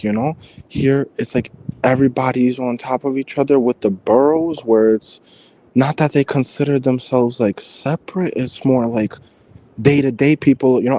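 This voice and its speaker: A man's voice: medium pitch, mellow. A man in casual chat, talking hesitantly with many fillers.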